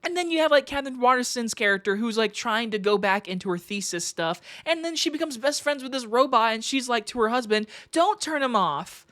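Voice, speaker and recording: A woman's voice: on the high side, lively intonation, quick pace, hardly any pauses, a bit bright. A woman giving a casual, profane movie review in an exasperated, emphatic rant.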